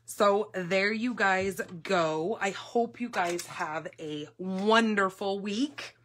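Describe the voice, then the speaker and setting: A woman hosting a live papercraft class, chatting in a gushing, excitable way with fillers as she works at a table in her home craft room. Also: medium pitch, slow pace. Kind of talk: casual live craft demonstration.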